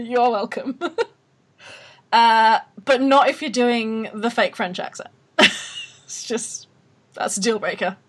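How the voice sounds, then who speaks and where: A woman's voice: a little high, takes it slowly, pauses often, a bit bright, husky. A woman with an Australian accent hosting a podcast in casual chat, blunt and opinionated, often laughing. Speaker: podcast host.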